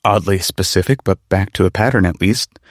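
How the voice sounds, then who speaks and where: A man narrating a comedic story with wry, deadpan asides. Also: deep voice, a little fast, no echo, studio quality.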